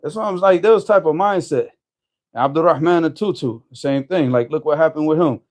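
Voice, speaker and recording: Animated man telling a story. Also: on the high side, a little fast. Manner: animated, with frequent restarts. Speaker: storyteller guest. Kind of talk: casual storytelling conversation.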